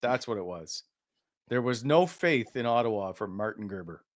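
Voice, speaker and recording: A man's voice: fairly low pitch, lively intonation, moderate pace, no echo, studio quality. A man hosting a casual sports interview, jokey and stumbling through his questions. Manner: jokey, stumbling, lots of restarts. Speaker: host.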